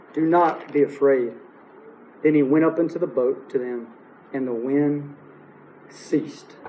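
A man with a high voice preaches a verse-by-verse sermon. He leans on key phrases, says them again and checks in with his listeners through rhetorical questions. The recording sounds dull and lo-fi. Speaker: pastor. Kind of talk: expository sermon.

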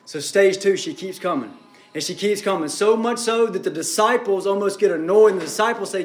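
A man's voice: sits high, fairly quick, echoey room. A man preaching a sermon as pastor, building up and easing off in intensity. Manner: preaching with rising and falling intensity.

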